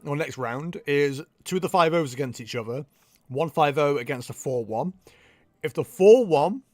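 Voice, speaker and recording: A man's voice: on the high side, no room sound. Playful man streaming from home. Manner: playful, teasing chat, mock outrage. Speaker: livestream tournament commentator. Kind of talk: casual stream chat.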